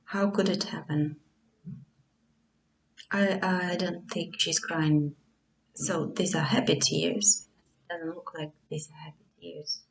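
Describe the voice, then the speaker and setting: A woman with a talks through a tarot spread in a slow, musing, hesitant way. Her voice sits a little low, and she sounds a bit distant from the microphone. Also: steady tone. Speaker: tarot reader. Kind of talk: casual tarot reading to camera.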